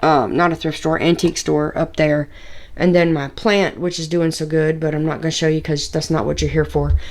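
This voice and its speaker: A woman with a low voice chats her way through a tour of her home sewing room. She rambles, stops to find the right word and starts again, and she talks straight to the camera the way she would talk to a friend. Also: little pitch movement, normal speed, a little mellow. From Tennessee, US. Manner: chatty, rambling, with filler words and restarts. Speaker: sewing vlogger.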